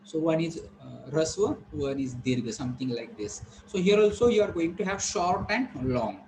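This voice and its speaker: A man teaching vowel sounds, saying each example word slowly and repeating it. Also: fairly high pitch, expressive, noisy background. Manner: slow, repetitive, modelling each word carefully. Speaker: English pronunciation teacher. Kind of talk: classroom lesson on vowel sounds.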